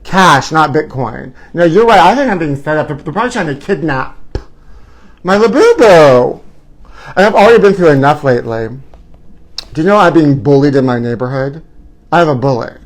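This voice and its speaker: A man's voice: on the high side, animated, fairly quick. A man hosting his own live stream, chatting in a campy, gossipy, theatrical way and calling his viewers honey. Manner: calls viewers honey and trashies. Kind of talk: casual live-stream chat. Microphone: own camera.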